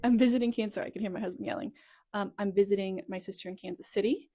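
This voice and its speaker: A woman in her thirties talks straight into her phone at home in a relaxed storytime style. She rambles and circles back, fills her sentences with "like," and corrects herself as she goes. Her pitch sits in a middle range for a woman. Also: very fast. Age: 30s. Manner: rambling and chatty, full of "like" asides and self-corrections. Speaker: content creator telling her life story. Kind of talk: casual storytime monologue.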